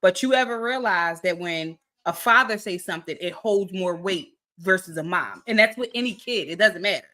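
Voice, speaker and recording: A woman's voice: fairly low pitch, expressive, normal speed, few pauses, sharp tone. Emphatic woman hosting a video-call chat. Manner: emphatic, asks the audience directly. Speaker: host.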